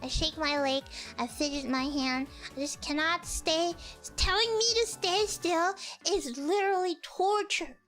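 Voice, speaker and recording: Squeaky, excitable young woman streamer. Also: measured pace, hardly any pauses, soft background music. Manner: excitable, exclaiming, self-mocking. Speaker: virtual streamer. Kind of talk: casual storytelling chat.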